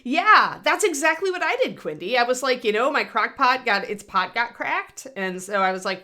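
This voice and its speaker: Bright-voiced woman chatting on a livestream. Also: fairly high pitch, big pitch swings, moderate pace, few pauses. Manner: chatty, rambling, answers chat. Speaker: livestream host painting miniatures. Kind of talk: casual livestream chat.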